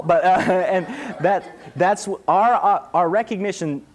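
Animated pastor man, mid-high voice. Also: normal speed, some chatter behind, slight background noise. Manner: conversational, animated, acts out little voices. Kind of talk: casual Q&A sermon.

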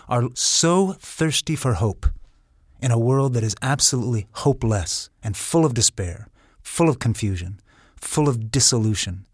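A man's voice: medium pitch, no echo, studio quality. A man in a theology discussion, earnestly raising questions about faith and hope. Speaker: discussion participant.

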